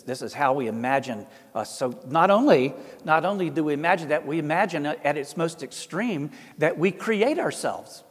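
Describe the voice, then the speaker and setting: Middle-aged southern priest, thick appalachian accent, kinda high voice, folksy storytelling, long hall echo. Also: male voice, breathy edge. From American South. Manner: folksy, self-deprecating, acts out quoted voices. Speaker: Orthodox priest. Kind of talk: storytelling talk.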